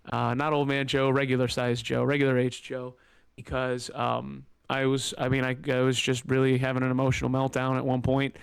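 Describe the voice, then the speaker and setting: A podcast host with a smooth, mid-range male voice and no echo tells a personal story. He's candid and emotional, rambling with lots of fillers and close to tears.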